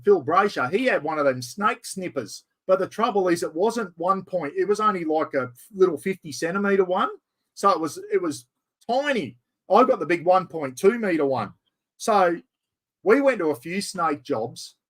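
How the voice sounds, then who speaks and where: A middle-aged Australian man chatting casually as host, telling animated stories. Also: high-pitched. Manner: yarn-spinning, animated storyteller. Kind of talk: casual chat.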